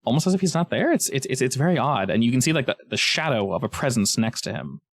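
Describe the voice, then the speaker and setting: A man's voice: mid-range voice, big pitch swings, fast talker, no room sound, clean studio sound. A man narrating a tabletop game as game master, in a chatty way with frequent restarts.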